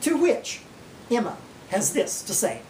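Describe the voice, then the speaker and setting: Heavily acted and very animated, a man impersonates a folksy Oklahoma naturalist lecturing in a slow drawl with an Oklahoma accent, his darkish voice swinging in pitch over each numbered point of this comic mock lecture. He's distant from the mic in an echoey room, with slight background noise.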